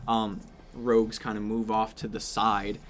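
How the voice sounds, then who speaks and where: A man's voice: fairly low pitch, monotone, a little slow, slight background noise. A man narrating as game master, describing scenes casually with many fillers.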